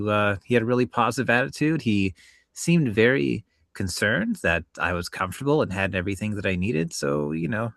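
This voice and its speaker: Man, casual podcast chat, measured, polite, reflective, lowish voice, dry sound. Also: a bit bright, dry recording. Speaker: podcast guest or co-host.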